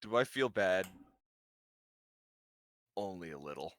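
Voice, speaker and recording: A man's voice: sits low, animated, slow pace, a bit bright, no echo. A man playing a tabletop game, casual, crude and swearing a lot. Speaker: player.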